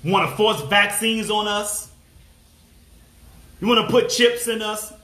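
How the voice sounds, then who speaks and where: Angry, high-voiced man in an echoey room. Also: slow pace, sharp tone. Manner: angry, blunt and profane, with repeated phrases. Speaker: motivational speaker. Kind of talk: impassioned monologue to camera.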